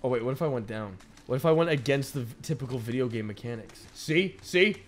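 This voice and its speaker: A young man giving joking, excitable let's play commentary, talking back to the game characters. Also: medium pitch, quick pace. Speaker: gaming YouTuber.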